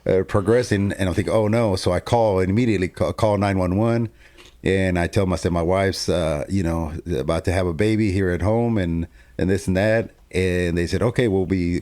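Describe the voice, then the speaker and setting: Pria bersuara sangat rendah yang bercerita sambil tertawa. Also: male voice, sits low, quick pace. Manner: animated storyteller, laughs often, acts out the dialogue. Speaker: co-host telling his testimony. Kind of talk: casual storytelling.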